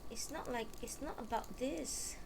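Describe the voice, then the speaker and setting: A woman's voice: on the high side, measured pace, gravelly, noisy background. A woman streamer chatting live while she sets up, exasperated, swearing and muttering to herself.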